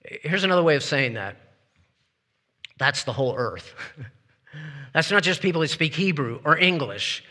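Pastor guy preaching, kinda high bright voice, chatty and lively, long reverb like a big church hall. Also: moderate pace, pauses often. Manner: lively, conversational, laughs between points; leads congregation in call-and-response. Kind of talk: sermon. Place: church sanctuary with congregation.

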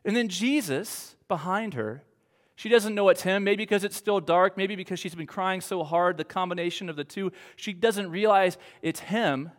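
Male pastor, high-pitched, slow earnest sermon delivery, long hall reverb. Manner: earnest, slow preaching with emphatic pauses.

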